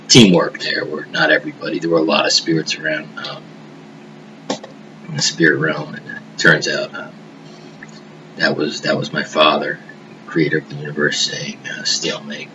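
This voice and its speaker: Low-voiced man rambling over hiss. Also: moderate pace, dull audio. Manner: rambling, profane, drops into hushed murmurs. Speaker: vlogger. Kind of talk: rambling personal monologue. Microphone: webcam. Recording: noisy hiss behind the voice.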